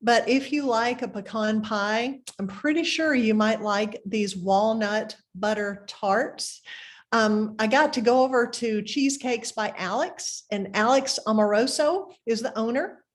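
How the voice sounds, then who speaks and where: A woman with a Southern Mississippi accent hosts a community program in an effusive, chatty way. Her voice sits a little high for a woman. She keeps stacking up thank-yous and asides. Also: a little slow. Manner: chatty, effusive, uses "y'all". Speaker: program host. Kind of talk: friendly community program introduction.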